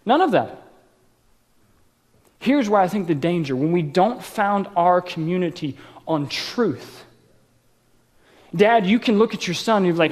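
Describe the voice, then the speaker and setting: Chatty joking pastor, high voice. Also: male voice, lively intonation, measured pace, long pauses, darkish tone. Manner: casual and joking, tells personal stories. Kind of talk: sermon. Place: church auditorium, live service. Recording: long reverb of a large church hall.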